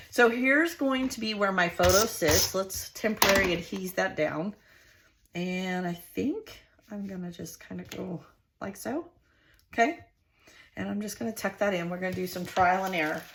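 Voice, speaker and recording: A woman's voice: fairly low pitch, creaky, fairly bright tone, slight background noise. A middle-aged woman hosting a crafting video, chatting casually and homely to her viewers as she works at her craft desk. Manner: chatty and homey, talks to viewers directly. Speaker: scrapbooking channel host. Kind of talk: casual crafting tutorial chat.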